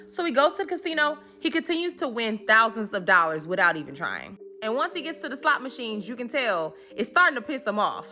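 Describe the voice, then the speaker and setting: A woman's voice: a little high, sing-song, brisk, hardly any pauses, sharp tone, soft background music. A woman hosting a comedic recap, telling the story in a sassy, slangy way and acting out the characters. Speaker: host.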